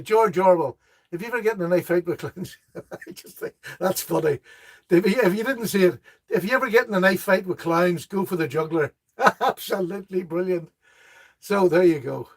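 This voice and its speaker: In a casual live-stream chat about knives, the middle-aged host, whose voice is high for a man, reads out viewer comments. He laughs readily at their jokes and keeps talking in a warm, rambling manner.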